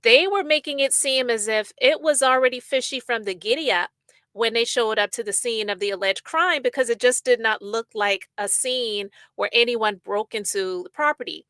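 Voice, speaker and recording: A woman hosts a casual podcast, reading headlines and riffing with blunt opinions. Her voice is bright and forceful, sitting a bit high, recorded dry and close with no room sound. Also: normal speed, no room sound. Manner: chatty, opinionated, reads news aloud and riffs. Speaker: podcast host.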